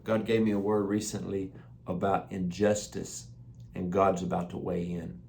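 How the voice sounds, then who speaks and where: A man's voice: sits low, flat delivery, moderate pace, vocal fry, a little mellow, a little hiss or hum. A man hosting a weekly broadcast of prophetic words, preaching in an exuberant, emphatic way and repeating phrases for emphasis. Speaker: host sharing prophetic words.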